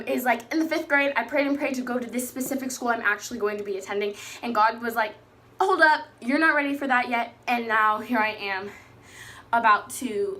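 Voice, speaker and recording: A teenage girl talks casually in a slightly high voice. She rambles and restarts her sentences, chatty and open as she shares a personal story about faith. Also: sharp tone. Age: teens. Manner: chatty, rambling, self-correcting. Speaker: faith vlogger.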